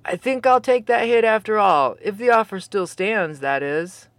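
A narrator playing a stammering, stunned forestry worker. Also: male voice, high voice, expressive, normal speed, fairly bright tone, dry recording. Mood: amazed. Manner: stammering, incredulous.

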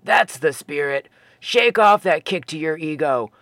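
A narrator voicing a huge, mellow male Sasquatch who is a stoner, speaking in a sheepish, relaxed drawl. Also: mid-range voice, unhurried, no room sound, studio quality, voice pushed down.

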